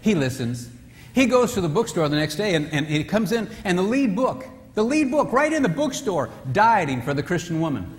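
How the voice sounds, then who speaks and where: High-voiced man telling stories in a hall. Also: fairly quick, slight background noise. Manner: animated storytelling, acting out characters. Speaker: retreat speaker. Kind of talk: humorous marriage seminar talk. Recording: reverberant hall.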